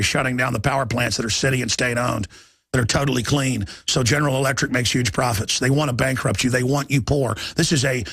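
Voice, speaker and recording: High-pitched ranting talk radio man. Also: gravelly, a bit bright, no room sound, clean studio sound. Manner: urgent, ranting delivery; reads headlines aloud rapidly.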